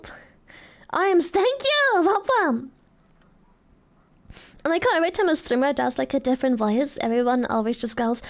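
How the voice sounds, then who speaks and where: A young adult woman streaming casually, giggly and swearing a lot as she excitedly thanks donors. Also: high-pitched, normal speed, pauses often. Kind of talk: casual live-stream chat.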